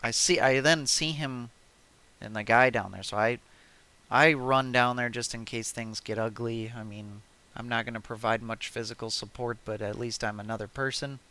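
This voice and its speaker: A young man hosting a podcast, chatting casually in halting talk with many fillers. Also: mid-range voice, fairly even intonation, bright, forceful tone. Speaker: podcast host. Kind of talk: casual chat.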